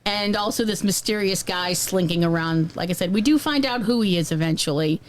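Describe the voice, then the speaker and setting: A woman's voice: medium pitch, a little fast. A woman co-hosting a podcast, chatting casually and frankly about an old horror film. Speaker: podcast co-host. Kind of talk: casual film review chat.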